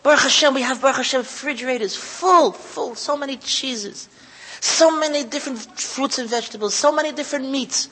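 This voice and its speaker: A man delivers an emotional Torah talk, circling back over his phrases and sounding close to tears. His voice is high and husky. A long reverb trails behind him, as in a hall. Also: fairly quick, sharp tone. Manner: heartfelt, repetitive, moved close to tears. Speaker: lecturer running a kollel.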